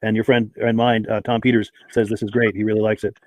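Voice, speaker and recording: A man's voice: lowish voice, level tone, quick pace. A man hosting a live podcast, chatting and reading out viewers' names and hometowns. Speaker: podcast host. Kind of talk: live-stream podcast chat.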